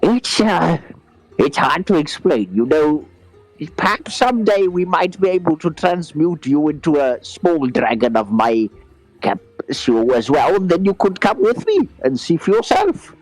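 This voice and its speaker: Fields: Sex: male. Figure: a man playing a small creature living in a glove. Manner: stammering. Pitch: high. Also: big pitch swings, measured pace, poor audio. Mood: chatty. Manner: chatty, stammering, gushing.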